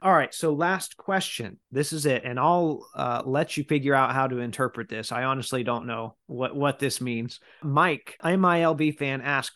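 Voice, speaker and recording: A man's voice: mid-range voice, moderate pace, hardly any pauses. A man hosting a podcast, casually reading out listener questions and chatting about his week. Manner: relaxed, reads listener questions aloud. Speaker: podcast host.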